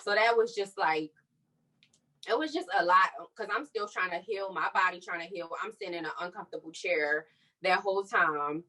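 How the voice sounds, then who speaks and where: A young woman telling her personal story on a podcast, candid and animated, acting out what others said. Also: fairly low pitch, normal speed, far from the mic, low-quality recording. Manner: candid, animated retelling with quoted dialogue. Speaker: podcast co-host.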